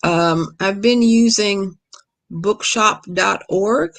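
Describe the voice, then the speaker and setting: Gravelly-voiced Kentucky woman storyteller. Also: medium pitch, slow. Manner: relaxed, storytelling, laughs easily. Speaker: guest author. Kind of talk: casual lecture Q&A.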